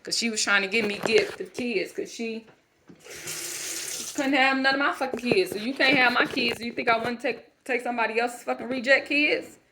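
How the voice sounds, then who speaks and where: A woman's voice: fairly high pitch, normal speed, noisy background, close to an everyday voice. Woman voicing a profane, scheming stepfather. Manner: profane, ranting street talk. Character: bitter racist scheming stepfather, a middle-aged male truck driver. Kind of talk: channeled monologue in character.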